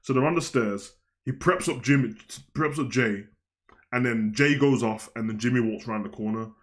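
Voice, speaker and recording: A young man talks through last night's wrestling in a loose, slangy live-stream review. His voice sits at an ordinary middle pitch. He swings from loud, excited outbursts to quick, mumbled asides.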